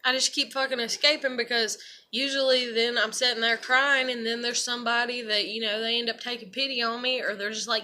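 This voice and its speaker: A woman talks straight to camera in a rambling, unfiltered monologue. Her voice sits a bit high and has a bright, forceful edge. She swears freely and keeps circling back with "you know" and "I'm like". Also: steady tone, brisk, slight background noise. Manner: frank and profane, rambling with many fillers. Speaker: vlogger. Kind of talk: casual personal monologue.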